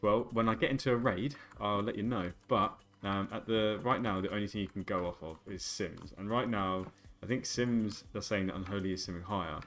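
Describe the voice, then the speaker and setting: A man in his twenties streams a game, joking around and rambling casually with his viewers. His voice sits fairly low and has a fairly bright tone.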